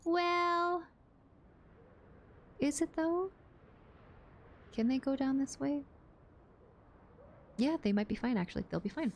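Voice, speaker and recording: A woman's voice: high-pitched, slow pace, long pauses. A woman streaming a game live, chatting playfully with her viewers and laughing often. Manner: playful, giggly, talks to chat while playing. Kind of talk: casual live-stream gaming chat.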